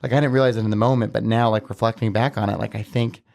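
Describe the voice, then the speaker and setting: A man's voice: fairly low pitch, steady tone, quick pace, creaky, a little mellow. A man talking as a podcast guest, telling a personal story casually and earnestly, with many filler words. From Southern Utah, USA.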